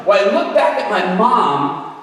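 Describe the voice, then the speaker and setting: Animated male preacher in an echoey hall. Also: high voice, unhurried. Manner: animated storyteller acting out voices, with shouted bursts. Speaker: guest preacher. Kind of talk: storytelling sermon. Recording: roomy hall, far from mic.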